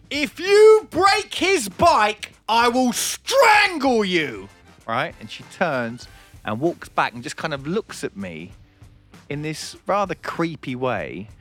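A man hosting a comedy radio show, telling an anecdote in bantering chat with frequent laughter. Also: medium pitch. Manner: animated storytelling, frequent laughs.

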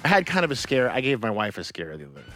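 Quick animated man hosting radio. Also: mid-range voice, soft background music. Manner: animated, tells stories with laughs. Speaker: radio host. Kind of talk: casual radio chat.

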